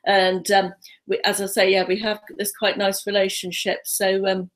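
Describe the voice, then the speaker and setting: A woman's voice: mid-range voice, completely flat delivery. Nervous chatty woman in her fifties. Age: 50s. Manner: nervous, rapid, chatty with many ums. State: slightly out of breath. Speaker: vlogger. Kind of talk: casual live-stream haul chat. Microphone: webcam.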